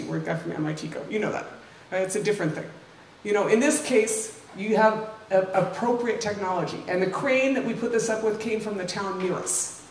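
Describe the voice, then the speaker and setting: The speaker is an older woman with a medium-pitched voice, invited to give an informal public talk with slides in a lecture room. She's chatty, dropping asides and tag questions to the audience. Slight background noise and faint ambience come through the roomy, distant mic.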